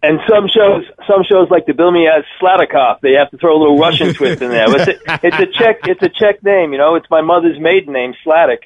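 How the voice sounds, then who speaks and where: A man in his fifties with a thick Long Island accent, telling his circus stories in an energetic, rambling way as a radio interview guest. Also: a little high, a little fast, hardly any pauses, slight background noise. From Long Island, New York. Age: 50s. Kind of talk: phone interview. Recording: tinny phone line.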